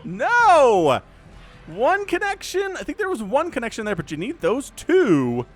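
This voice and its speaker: A man casting a real-time strategy match solo, with an excitable, jokey delivery. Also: very high-pitched, a little slow. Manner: animated, excitable, jokey asides. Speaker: esports caster. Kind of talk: solo game commentary.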